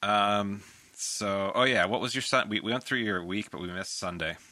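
Low-voiced man hosting a dry video call. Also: sharp tone, no echo. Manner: easygoing, halting with restarts. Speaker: interviewer. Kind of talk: casual interview.

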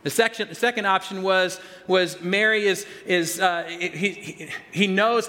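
A man's voice: high voice, a little slow, few pauses, sharp tone, long reverb tail. A man preaching a sermon as pastor, talking conversationally, restarting and repeating words and stressing key phrases.

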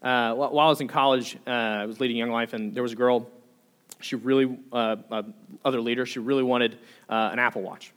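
A man's voice: medium pitch, steady tone, fairly quick, fairly bright tone. A young adult man preaching a sermon as pastor, earnest, asking repeated rhetorical questions and often restarting his words.

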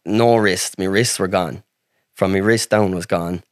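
An Irish man with a lowish voice tells his story as a podcast guest, rambling and swearing freely and filling his talk with "like". The sound is dry and close, with no room echo. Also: steady tone, unhurried. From Ireland. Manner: rambling, heavy swearing, frequent "like". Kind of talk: casual storytelling.

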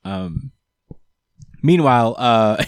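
A man's voice: medium pitch, drawn-out words, vocal fry, clean tone, dry recording. Laid-back man recapping a comic, dry sound. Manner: relaxed, rambling, acts out characters with put-on voices and laughs. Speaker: comic book podcast co-host. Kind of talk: casual chat recapping a comic.

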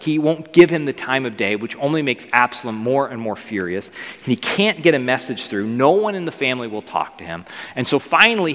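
Animated pastor in a reverberant hall. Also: male voice, medium pitch. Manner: animated, acts out biblical figures with modern slang. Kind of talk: casual storytelling sermon.

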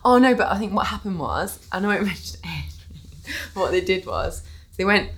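A woman's voice: mid-range voice, lively intonation, moderate pace, crowd noise. A woman from the United Kingdom telling stories in casual chat, playful and giggly.

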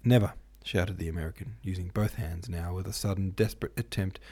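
A man reading a novel aloud as host, in steady, measured narration. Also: deep voice, breathy edge. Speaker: host and audiobook reader. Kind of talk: scripted narration.

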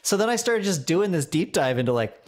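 On a casual comedy podcast, a male co-host speaks fairly quickly in a higher-than-average voice. He tells stories with lots of animation and laughs often.

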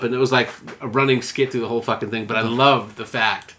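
A man's voice: medium pitch, fairly even intonation, brisk, hardly any pauses, a bit bright. A man in casual podcast chat, joking around and retelling comedy sketches in silly voices.

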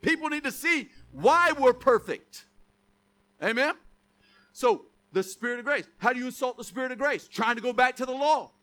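A man's voice: very high-pitched, lively intonation, moderate pace, pushed and bright. A man preaching a sermon to a congregation, emphatic, often asking rhetorical questions. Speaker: pastor.

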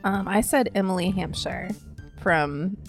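A woman's voice: mid-range voice, measured pace, vocal fry, faint music behind. A woman chatting casually on a podcast, giving brief, agreeable replies.

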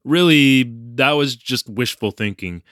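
A man's voice: medium pitch, lively intonation, a little slow, a bit bright, clear, resonant tone, no room sound, clean studio sound. An actor playing a flustered young male English teacher in Japan, telling his ordeal in a wry, self-deprecating way. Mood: recounting. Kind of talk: audio drama storytelling narration.

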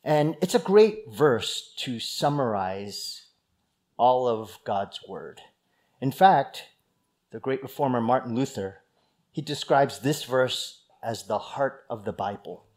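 A man's voice: mid-range voice, animated, takes it slowly, a little mellow. A male pastor preaching a sermon in a conversational teaching manner, stressing key words.

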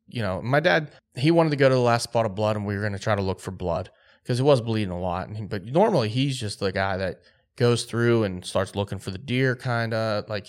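A man with a somewhat low voice recounts a story on a podcast in relaxed, casual talk, his speech thick with "like" and fillers. He brings the tale to life by acting out the back-and-forth of what people said. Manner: excited, lively retelling with quoted dialogue; laid-back, filler-heavy speech with frequent "like". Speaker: podcast co-host.

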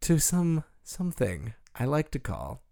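A man's voice: medium pitch, a little slow, gravelly. A man hosting a casual podcast chat about a film, joking and laughing often. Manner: jokey, laughs often, lively. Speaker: podcast host.

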